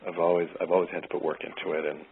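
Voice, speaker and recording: A man, an actor, answering interview questions in an easygoing way, pausing often with fillers to find his words. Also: low-pitched, little pitch movement, creaky, a little hiss or hum. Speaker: actor guest. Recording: tinny phone-like line.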